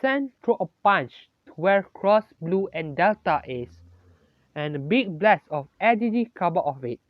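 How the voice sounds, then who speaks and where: Halting improvised story narrator, self-correcting, dry dull lo-fi home recording. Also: mid-range voice, sing-song, no room sound. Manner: halting, correcting itself mid-sentence.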